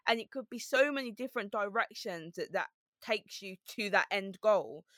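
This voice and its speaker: A woman from Birmingham with a softened Brummie accent and a slight lisp, a guest speaking in an upbeat, emphatic way and repeating her key points. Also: medium pitch, expressive, moderate pace, no room sound, clean studio sound. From Birmingham, England. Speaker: podcast guest. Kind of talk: casual interview chat.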